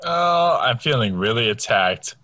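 A man's voice: mid-range voice, big pitch swings, measured pace, bright, forceful tone, no echo. A young man co-hosting a podcast, tipsy, rambling and swearing in mock outrage. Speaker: podcast co-host. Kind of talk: casual drunk podcast banter.

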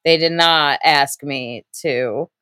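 A young woman, chatting casually in a relaxed, wry way. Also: low voice, slow pace, clear, resonant tone, dry recording, studio quality. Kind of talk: casual chat.

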